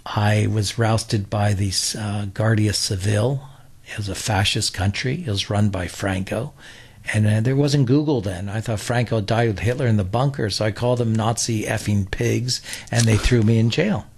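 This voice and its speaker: Husky low-voiced guy in his 60s from new york, rambling through old stories, lots of uhs. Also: fairly even intonation, moderate pace. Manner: chatty, loose, full of "uh" and restarts. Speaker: interview guest. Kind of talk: rambling anecdotal storytelling.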